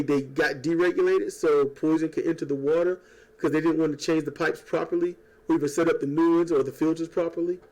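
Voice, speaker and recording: Man, somewhat high voice, rambling profane rant, sarcastic, home recording on an old mic. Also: darkish tone. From United States. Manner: rambling, profane and sarcastic, with quick mocking impressions. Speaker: YouTuber. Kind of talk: casual political rant. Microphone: old desk microphone.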